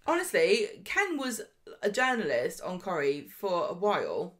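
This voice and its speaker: A woman's voice: fairly low pitch, huge pitch swings, unhurried, fairly bright tone. A woman co-hosting a podcast, recapping soap episodes in casual chat and slipping into character voices. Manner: chatty, mimics characters in voices while retelling. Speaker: podcast co-host.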